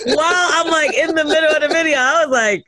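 A woman's voice: sits high, fast talker, bright, forceful tone, rough recording. A woman co-hosting a podcast in casual chat, blunt and profane, laughing often. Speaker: podcast co-host.

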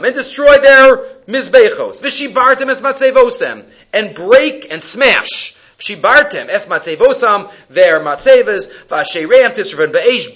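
A man teaching a Torah class on the weekly portion, animated and emphatic, mixing Hebrew and English. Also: high voice.

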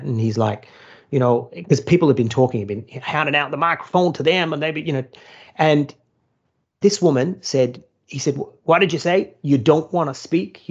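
A man tells a story in loose podcast chat, blunt and animated, dropping swear words. His voice is gravelly with a husky edge. The audio sounds a little dull and lo-fi. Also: medium pitch. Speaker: former churchgoer turned atheist, storyteller.

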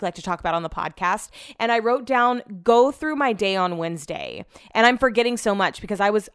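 Rambling woman podcaster, smooth dry voice. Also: mid-range voice, dry recording. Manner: rambling, animated, acts out quotes, swears freely. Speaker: podcast host. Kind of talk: casual storytelling monologue.

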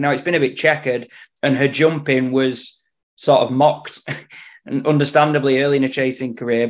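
A man giving racing tips in casual podcast chat, dry in his humour and often repeating words as he thinks aloud. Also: medium pitch. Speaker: racing tipster on betting podcast.

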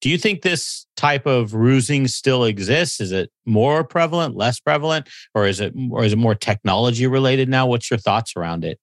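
A man hosting a podcast interview, asking measured, thoughtful questions. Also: mid-range voice, animated, no room sound. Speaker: podcast host.

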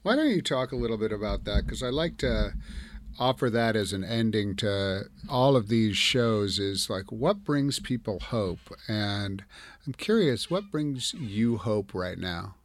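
A man's voice: on the low side, animated, unhurried. A man hosting a radio interview, asking thoughtful, searching questions and often restarting his sentences. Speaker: radio show host.

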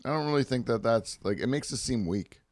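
A man's voice: mid-range voice, expressive, fairly quick, no room sound. Rambling profane man, dry. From Canada. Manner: rambling, profane, laughs often. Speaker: podcast co-host. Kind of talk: casual chat.

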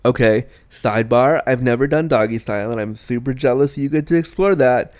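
Young male podcast host, mid-pitched and smooth, frank and giggly in a candid advice chat. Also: fairly quick. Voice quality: frank, animated, self-deprecating, giggly.

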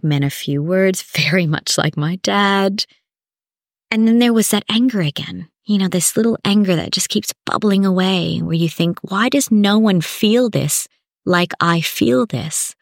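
A woman speaking as a podcast guest, telling a personal story in a candid, animated way. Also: on the low side, no echo, studio quality. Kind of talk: emotional personal conversation.

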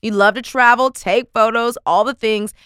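An excitable woman hosting a podcast, chatting in a playful, rambling way. Her voice is smooth and clear, recorded close and dry with no room sound. She often breaks off mid-sentence and jumps to the next thought. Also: fairly high pitch, normal speed, no room sound. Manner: excitable, playful, talks over herself. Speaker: podcast host. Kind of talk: casual podcast chat.

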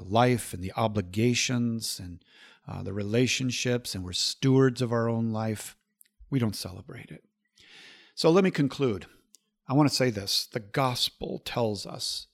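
Guy with a gravelly voice giving earnest faith advice on his podcast, dry close sound. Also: mid-range voice, dry recording. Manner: earnest, pastoral, repeats phrases, ends with prayer. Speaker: Catholic podcast host. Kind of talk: podcast teaching and prayer.

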